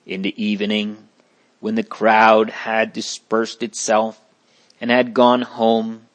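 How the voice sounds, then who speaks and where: A man's voice: on the low side, monotone, takes it slowly. A man reading a religious story aloud in an earnest way, turning to ask his listeners questions.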